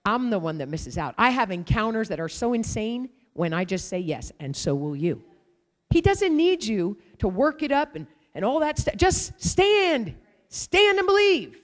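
A woman preaching a sermon, telling a lively personal story with loud exclamations and hushed asides. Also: fairly high pitch, big-room sound.

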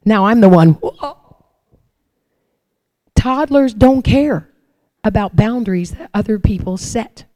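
Woman preacher, warm mellow voice, dry close sound, acts out little scenes as she talks. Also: mid-range voice, moderate pace, no echo. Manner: animated storytelling, acts out her own prayers and God's replies. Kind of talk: sermon.

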